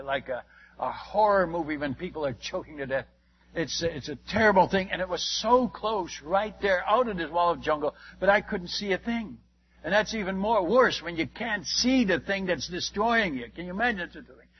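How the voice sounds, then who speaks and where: Husky-voiced preacher telling a vivid testimony. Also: male voice, fairly high pitch, muffled recording. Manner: vivid, emphatic storytelling with direct questions to listeners. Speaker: missionary telling his testimony. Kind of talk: testimony sermon to a congregation.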